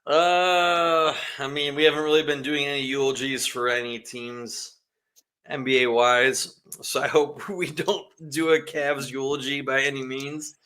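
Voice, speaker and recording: A man's voice: medium pitch, level tone, measured pace, sharp tone. A man co-hosting a casual sports podcast, rambling and restarting his sentences as he talks. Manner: rambling, stumbles over names and restarts. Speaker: podcast co-host.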